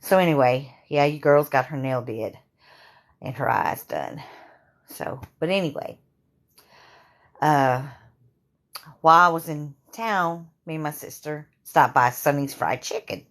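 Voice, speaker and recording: A woman in her fifties with a sore throat, telling her own story to camera in a halting way, full of fillers and restarts. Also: sits low, a bit bright. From Louisiana. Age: 50s. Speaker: vlogger.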